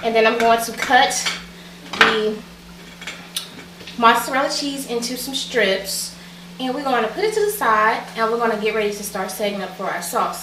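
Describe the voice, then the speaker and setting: A woman's voice: fairly high pitch, bright, forceful tone, distant mic, slight background noise. A woman with a Southern US accent from Alabama, chatting bubbly and straight to her viewers as she walks through a cooking tutorial at her stove. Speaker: cooking vlogger. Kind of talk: casual cooking tutorial chat. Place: home kitchen, at the stove. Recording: echoey kitchen, mic set back, sizzling pan. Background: frying and sizzling food.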